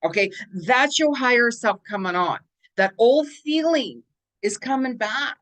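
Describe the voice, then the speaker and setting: A woman's voice: on the high side, lively intonation, unhurried, a bit bright. A woman hosting a spiritual guidance channel, talking casually through a weekly forecast in a chatty, rambling way and repeating words for emphasis.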